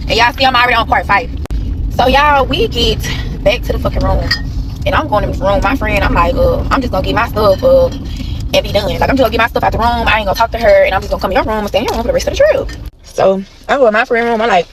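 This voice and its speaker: A woman's voice: a little high, expressive, fast, background noise. A woman in her thirties telling a storytime vlog directly to her viewers, blunt and heavy on swearing. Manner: blunt, profane and heated, talks straight to viewers. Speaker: storytime vlogger. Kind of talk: casual storytime chat to viewers.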